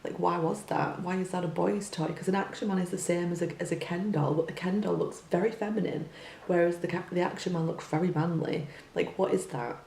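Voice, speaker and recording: A young woman muses out loud in a gravelly, mellow, lowish voice, firing off rhetorical questions and leaning on filler words. She sounds a little far from the mic, in an echoey room with a faint hum behind her. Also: steady tone, fairly quick. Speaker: teacher. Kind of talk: casual opinion monologue.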